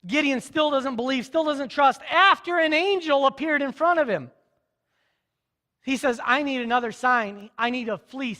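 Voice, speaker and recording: High-voiced preacher in a reverberant hall. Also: male voice, pushed and bright. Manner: storytelling, voicing biblical characters in casual modern speech. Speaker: pastor. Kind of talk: sermon.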